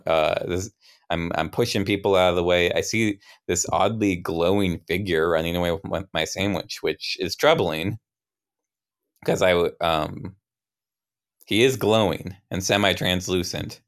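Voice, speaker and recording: A young man with a low, resonant voice narrates his character's memory in an improvised tabletop game. He rambles and interrupts himself, dropping wry asides along the way. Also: steady tone, a little slow, fairly bright tone.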